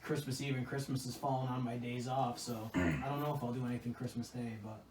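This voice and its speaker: A man's voice: mid-range voice, steady tone, a little fast, darkish tone. A man co-hosting a podcast, chatting in an easygoing, giggly way. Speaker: podcast co-host. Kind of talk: casual chat. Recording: echoey room, distant mic, faint noise.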